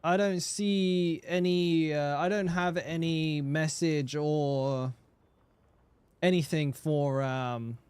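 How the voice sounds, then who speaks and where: A man's voice: on the high side, fairly even intonation, slow pace, a little mellow, clean tone, no echo. A man streaming a game and chatting casually with viewers, swearing freely and often repeating words. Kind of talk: casual live-stream chat.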